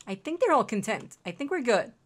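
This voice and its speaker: Young woman, game streamer, casual chat, high-ish voice, cooing, chatty. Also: very animated, brisk. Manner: chatty, coos and calls to in-game pets. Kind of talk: casual gameplay commentary.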